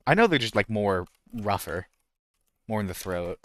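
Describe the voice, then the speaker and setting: Very animated and speaking at normal speed, a man with a lowish voice chats casually while streaming a game. The studio-quality audio has no echo, and he rambles, interrupts himself, and slips into voice impressions.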